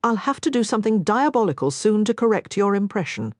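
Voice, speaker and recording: A woman's voice: mid-range voice, sing-song, fairly quick, no room sound, clean studio sound, voice pushed up, close to an everyday voice. A woman voicing a shy young heiress who sounds tired and wryly teasing. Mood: weary wry. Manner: tired, wry, gently teasing.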